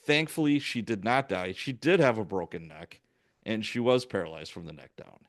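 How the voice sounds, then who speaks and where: A man, a police officer, telling work stories in casual chat and acting out the dialogue in an animated way. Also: fairly low pitch, normal speed. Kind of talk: casual storytelling.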